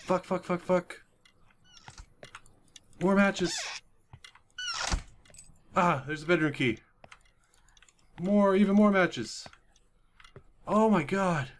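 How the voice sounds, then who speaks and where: A young man commentating a horror game at his computer, swinging from hushed whispers to panicked yelps and swearing. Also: high-pitched, extremely slow, pauses often. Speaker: gaming channel host. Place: at home at a computer with headphones on.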